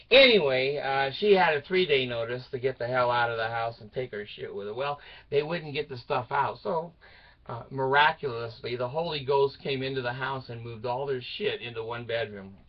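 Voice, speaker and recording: An older man telling a rambling personal story to his channel, laughing at his own jokes and swinging between loud outbursts and mutters. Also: mid-range voice, normal speed, muffled recording. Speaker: video channel host.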